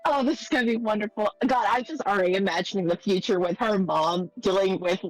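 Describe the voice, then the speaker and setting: A woman player in a tabletop game, excitable and gushing, laughing often. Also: mid-range voice, fast talker, no echo, soft background music. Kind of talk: tabletop role-play chat.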